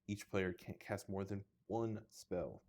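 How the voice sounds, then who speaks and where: Man, low-ish voice, casual unboxing chat, self-mocking, reads card names. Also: takes it slowly, a little mellow. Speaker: card box opening host. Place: indoors under two large lights.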